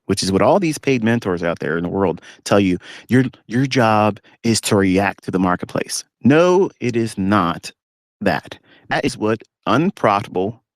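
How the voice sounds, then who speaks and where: A blunt, lecturing man rants in a live audio-room monologue, sitting in his parked pickup truck and speaking into a phone. His voice sits low. The sound is dry and close, with no room echo. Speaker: trading educator.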